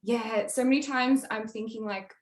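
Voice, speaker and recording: A young woman, a music producer, chatting casually in an interview, bubbly and quick to laugh, with lots of fillers. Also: on the high side. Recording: roomy echo.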